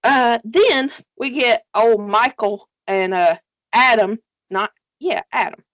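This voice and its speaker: Speaking slowly in a fairly high, slightly bright voice, a woman casually recaps a TV series alongside a co-host. She tells it animatedly, swears freely and laughs often, and the recording is dry.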